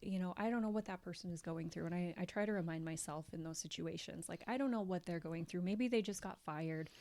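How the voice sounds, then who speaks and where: A woman co-hosts a casual podcast, musing on everyday lessons in a reflective, affirming way. Her speech is loose and full of fillers, and her voice sits a bit low for a woman. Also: brisk, darkish tone. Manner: reflective and affirming, many fillers like "like" and "you know". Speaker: podcast co-host. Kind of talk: casual chat.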